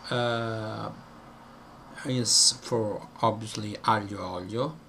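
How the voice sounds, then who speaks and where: A man's voice: fairly low pitch, fairly even intonation, drawn-out words, sharp tone, slight background noise. A man from Italy with an Italian accent touched by British and American tones, explaining casually with many fillers and self-corrections. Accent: Italian, mixed with British and some American. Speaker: video host.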